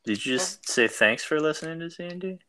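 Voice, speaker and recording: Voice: medium pitch, lively intonation, a little fast, pushed and bright. A podcast co-host in casual chat, joking and sarcastic, laughing often. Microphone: remote mic.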